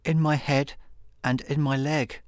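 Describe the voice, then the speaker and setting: A man voicing a weak, injured teenage boy in a storybook reading, speaking slowly. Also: fairly high pitch, little pitch movement, no room sound, clean studio sound, voice pushed up, natural voice. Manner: weak, groaning, slow.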